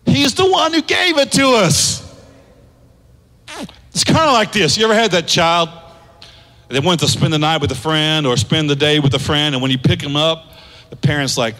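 A pastor in his fifties preaching a sermon in a large church, animated, with big swings in pitch and shouted peaks. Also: moderate pace, long pauses. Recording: long hall reverb.

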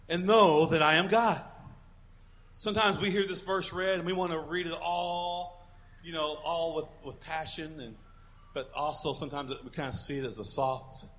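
High-voiced preaching man. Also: fairly bright tone. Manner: preaching with rising volume and emphatic declarations; acts out quoted voices, dropping to a near whisper. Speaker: pastor. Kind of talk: sermon.

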